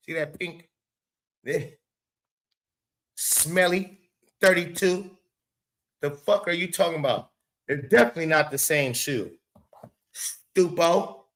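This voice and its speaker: A man hosting a casual live stream, animated, swearing and talking back to his chat. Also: high-pitched. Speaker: show host.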